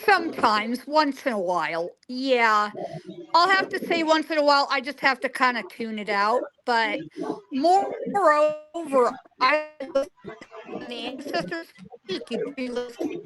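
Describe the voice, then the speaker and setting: A woman in her forties, a psychic appearing as a guest in a remote interview, tells stories with emphasis and energy, voicing the animals' lines in quotes. Her voice is high and a little slow. The audio comes over a call line and is poor.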